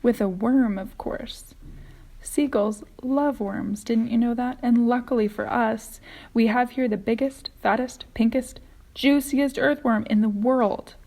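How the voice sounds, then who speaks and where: A woman reading aloud, voicing a calm, determined young boy laying out a plan in a storybook. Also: on the high side, measured pace, pitched above the performer's own voice. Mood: explaining. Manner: calm, firm.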